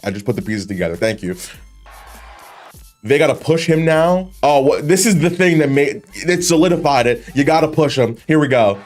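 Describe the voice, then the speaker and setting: Animated man reacting to wrestling memes. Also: fairly high pitch, normal speed, faint music behind. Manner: animated, swearing, laughs often, rambling restarts. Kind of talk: casual reaction commentary.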